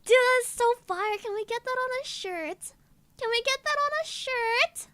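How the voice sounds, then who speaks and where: A woman's voice: very high voice, lively intonation, normal speed, sharp tone. A young woman streaming as a VTuber, chatting casually with her viewers in a giggly, gushing way, stretching out her exclamations. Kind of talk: casual live-stream chat.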